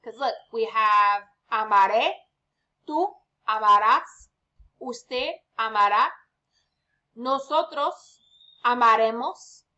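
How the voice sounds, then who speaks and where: A woman's voice: a little high, takes it slowly, pushed and bright, highs cut off. A woman teaching an online Spanish lesson at home, upbeat and chatty, checking in with "okay" often. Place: home with lawnmower outside.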